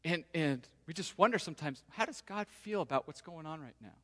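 A man preaching a sermon to his congregation in a relaxed, conversational way, sometimes voicing the people in the story. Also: on the high side, a little fast. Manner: conversational, acts out quoted voices. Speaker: pastor. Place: church sanctuary. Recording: long hall reverb.

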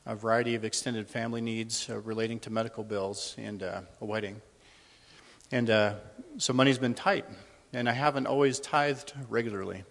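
A middle-aged man sharing a personal testimony with a congregation in a church, speaking conversationally and a little nervously. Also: medium pitch. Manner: conversational and a little nervous, with many ums and restarts. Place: church hall. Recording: long hall reverb.

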